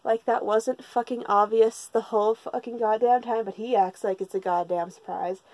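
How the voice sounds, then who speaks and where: A woman's voice: a little high, fairly even intonation, moderate pace, a little mellow, no room sound, low-quality recording. A woman recapping a manga in a casual, rambling way, sarcastic and full of swearing. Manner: sarcastic and profane, rambling with restarts. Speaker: manga reviewer.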